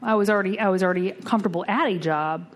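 A woman's voice: mid-range voice, fast. Woman telling a blunt recovery story. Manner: lively storytelling, acts out the voices in her tale; blunt and salty, casual swearing. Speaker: recovery speaker. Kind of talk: twelve-step meeting talk.

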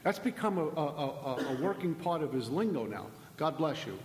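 A man's voice: fairly high pitch, lively intonation, moderate pace, a little mellow, a little hiss or hum. A middle-aged man giving an impassioned recovery talk, emphatic and preachy, driving points home with repeated phrases and rhetorical questions. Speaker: speaker at a recovery meeting. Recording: echoey hall with long reverb.

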